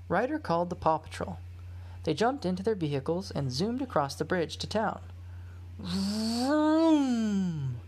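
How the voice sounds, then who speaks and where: Breathy woman reading a storybook. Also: on the low side. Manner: expressive, measured read-aloud. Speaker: storybook reader.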